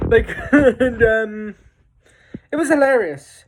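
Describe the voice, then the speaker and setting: A woman chats slowly through a film review. She rambles, full of fillers and restarts, and sounds excited about what she saw. Her voice sits at an ordinary middle pitch. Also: background noise. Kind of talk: casual spoken film review.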